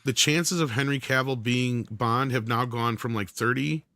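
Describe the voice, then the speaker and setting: A man's voice: medium pitch, normal speed, pushed and bright, no room sound. A man hosting a casual panel chat, blunt and swearing, reading viewer comments aloud.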